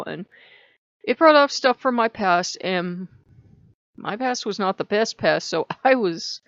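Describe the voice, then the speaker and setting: A woman hosting her own channel, telling a personal story in a casual, animated way as she vents. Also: fairly low pitch, gravelly, no room sound. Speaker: channel host. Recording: dull, lo-fi dry recording.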